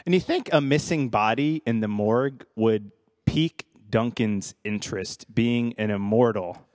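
A man's voice: mid-range voice, a little slow, a little mellow, no echo, studio quality. A man co-hosting a podcast, casually chatting about a TV show with wry questions and short reactions. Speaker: podcast co-host.

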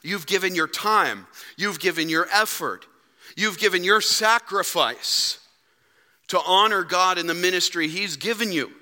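A man preaches a lively sermon, acting out quoted voices and dropping from loud to hushed. His voice sits high and sounds very bright and forceful. Long reverb trails off each phrase in the church. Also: a little slow. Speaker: pastor. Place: church sanctuary.

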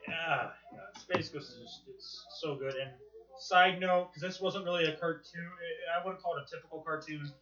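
A young man co-hosting a podcast in casual chat, rambling excitedly, swearing often and restarting his sentences. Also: fairly high pitch, moderate pace. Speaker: podcast co-host. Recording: roomy, muffled podcast recording.

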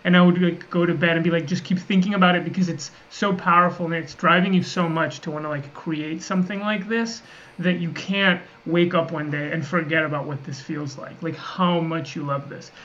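Man, fairly high-pitched, co-host on a casual stream, rambly and filler-heavy; dull lo-fi sound with a faint hiss. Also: steady tone, fairly quick, a bit bright. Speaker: podcast co-host. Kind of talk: casual livestream chat. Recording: muffled audio with faint ambient noise.

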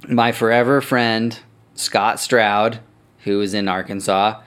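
Lower-voiced man telling a rambling story. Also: steady tone, slow, fairly bright tone, clear, resonant tone. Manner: swears freely, rambling and self-correcting. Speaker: podcast host. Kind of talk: casual storytelling.

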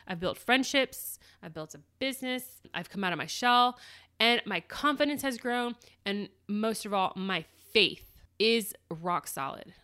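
A woman's voice: medium pitch, lively intonation, unhurried, pushed and bright, clean tone. A woman hosting her own podcast, telling her story in a chatty, rambling way with restarts and quoted dialogue. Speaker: podcast host. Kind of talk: casual solo podcast monologue.

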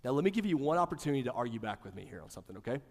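Guy pastor preaching, gets loud then goes quiet, sounds like a big echoey church. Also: medium pitch, very fast. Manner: animated preaching, swings from loud emphasis to hushed. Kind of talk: sermon.

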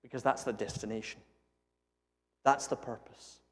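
Jokey Scottish preacher in an echoey hall. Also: male voice, medium pitch, normal speed. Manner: lively and jokey, building to emphatic peaks. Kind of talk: sermon. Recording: echoey hall with long reverb.

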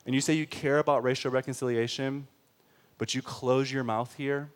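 A male preacher delivering an impassioned sermon at a middle pitch. He presses hard on key points, then drops to a hushed, slow tone for weight, and calls his listeners friends. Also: steady tone.

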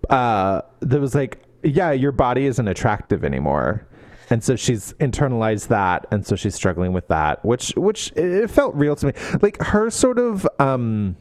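A man's voice: mid-range voice, unhurried, few pauses, no room sound. A man co-hosting a book podcast, chatting casually and acting out characters with lots of swearing. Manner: animated, swearing, acts out characters in quotes. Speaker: podcast co-host.

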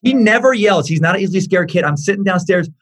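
A man in his forties, a comedian guest, telling an animated comic story, excitable and swearing freely. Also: high-pitched, quick pace, husky.

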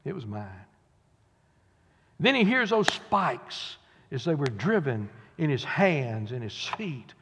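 A man preaching a sermon, telling the story dramatically, rising to loud cries and dropping to hushed whispers. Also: medium pitch, big pitch swings, takes it slowly, big-room sound, slight background noise.

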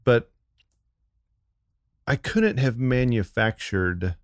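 A man on the church staff, co-hosting a casual faith podcast in an animated, upbeat way, with lots of fillers. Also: medium pitch, extremely slow, dry recording, studio quality.

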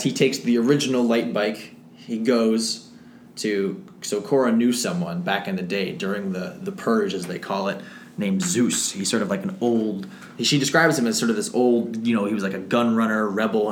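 A man's voice: on the low side, steady tone, moderate pace. A man co-hosting a film club podcast, recapping a movie in an enthusiastic, rambling way. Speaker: podcast co-host. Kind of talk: casual film discussion. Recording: echoey room with faint noise.

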